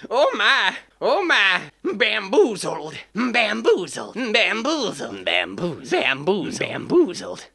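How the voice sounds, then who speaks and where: A man's voice: high voice, wildly swooping pitch, slow pace, creaky, bright, forceful tone, voice pushed up, full character voice. A man voicing a timid young male bunny whose voice cracks between boyish and manly. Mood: flustered. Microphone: cheap desk microphone.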